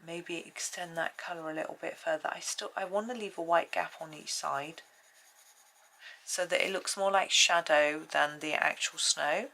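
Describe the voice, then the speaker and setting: A woman's voice: low voice, fairly even intonation, normal speed, vocal fry, sharp tone, a little hiss or hum. A woman hosting a colouring channel at home, chatting and thinking aloud as she works through a casual tutorial.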